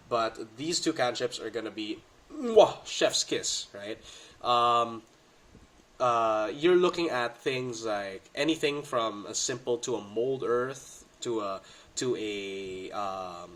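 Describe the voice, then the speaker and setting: A man whose voice is stuffy and congested from a cold talks through tabletop game rules in a loose, excitable way. He uses plenty of gamer slang. His pitch sits in an ordinary middle range, and the sound comes from a budget home mic. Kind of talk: casual rules breakdown. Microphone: budget home recording setup.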